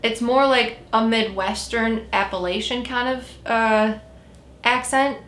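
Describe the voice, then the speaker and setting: A woman's voice: on the high side, takes it slowly, a bit bright, echoey room. A woman co-hosting a podcast in casual, rambling chat, retelling her conversations with a spirit. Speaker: podcast co-host.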